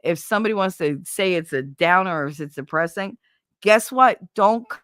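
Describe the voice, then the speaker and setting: A woman's voice: lowish voice, animated, normal speed, fairly bright tone, clean tone, no room sound, clean studio sound. Blunt, foul-mouthed woman streaming. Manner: blunt and profane, rambling. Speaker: livestreamer. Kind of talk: casual stream chat. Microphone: desk microphone.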